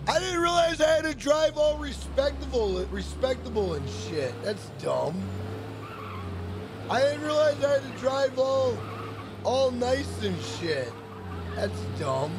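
A man's voice: high voice, unhurried. A young man giving casual let's play commentary, profane, hot-tempered and rambling as he reacts to the game. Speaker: gaming streamer. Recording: steady background noise.

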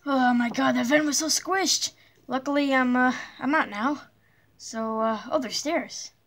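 The speaker is a woman performing a jumpy, blocky young cartoon hero on an adventure. Her pitch sits high with some brightness, and the delivery stumbles along with anxious pauses and little yelps.

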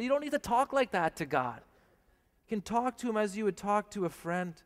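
A priest with a fairly high voice preaches earnestly and plainly, often turning to his listeners with questions. His words ring out with a long reverb, as if in a large hall. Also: expressive, fairly quick. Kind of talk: televised sermon.

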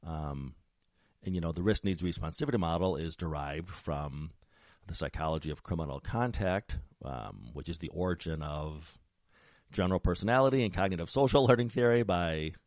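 A man hosting a talk show, explaining ideas in a measured, lecturing way with frequent ums and restarts. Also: low voice, darkish tone, no room sound, studio quality. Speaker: podcast host, criminologist.

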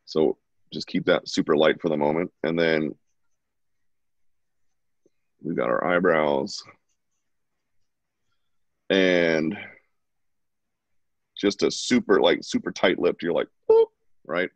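A man's voice: a bass voice, measured pace, pauses often, no echo. A man at home giving a casual, chatty live drawing lesson and talking while he sketches. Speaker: drawing instructor. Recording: dull lo-fi, dry sound.

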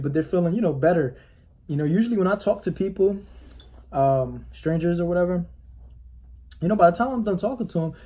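A man's voice: on the high side, warm tone, slightly rough. A man, a real estate agent, talking casually on a vlog, giving rambling coaching advice with many restarts. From United States. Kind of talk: casual motivational vlog talk.

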